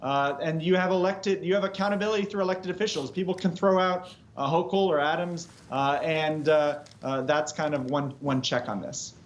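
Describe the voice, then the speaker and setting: A man speaking as a panel guest on a cable news debate, measured and halting, with many fillers. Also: a little high, fairly even intonation, lo-fi sound.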